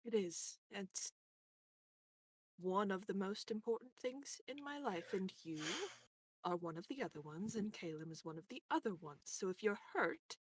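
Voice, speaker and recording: A woman player speaking in character in a tabletop game, earnest and measured. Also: medium pitch, expressive, slightly rough. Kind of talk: in-character role-play.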